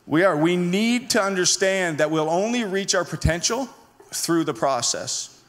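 A man preaching a sermon, telling a personal story in an animated way and acting out his own lines with a raised voice. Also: high voice, a little slow. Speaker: pastor. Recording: long hall reverb.

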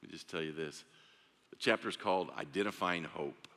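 A man's voice: low voice, a little fast. A male pastor preaching an earnest, conversational sermon in a church. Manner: earnest, conversational, with restarts and soft drops. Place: church sanctuary. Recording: echoey church sanctuary.

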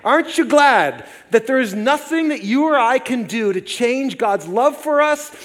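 A man in his forties preaching a sermon as pastor, lively and conversational with jokey asides. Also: very high voice, a little slow. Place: church sanctuary. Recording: long reverb of a large hall.

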